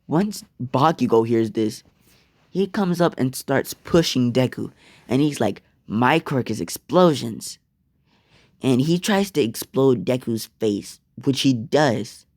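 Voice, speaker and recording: Young man, casual profane storyteller; slow delivery, dry close mic. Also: mid-range voice, a little mellow, no echo. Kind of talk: casual fan-fiction storytime.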